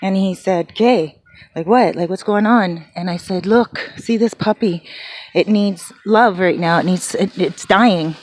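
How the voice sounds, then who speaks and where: A woman's voice: mid-range voice, measured pace, no echo. A woman vlogging from home near her garden, telling an emotional story casually, full of quoted dialogue and fillers.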